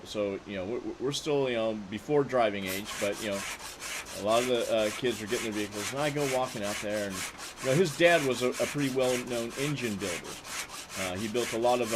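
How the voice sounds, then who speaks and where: A man's voice: mid-range voice, noisy background. A man streaming a game, telling a long casual story full of fillers and restarts. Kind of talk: casual storytelling while gaming.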